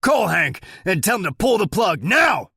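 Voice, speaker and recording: A man voicing a panicking male sheriff in an audiobook, shouting orders. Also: high-pitched, sing-song, normal speed, creaky, slightly rough, dry recording, clean studio sound, pitched above the performer's own voice, exaggerated voice. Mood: frantic. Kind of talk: audiobook narration.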